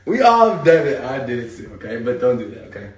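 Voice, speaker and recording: A man teaching a live seminar, talking straight to the audience in an animated, hype-driven way. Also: medium pitch, fast talker, roomy sound, recorded from a distance. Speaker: speaker teaching an online marketing seminar.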